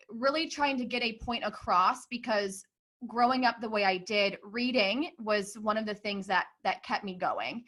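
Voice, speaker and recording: Bright-voiced woman marketing coach. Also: medium pitch. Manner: eager, laughs easily, reflective. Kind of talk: casual podcast interview.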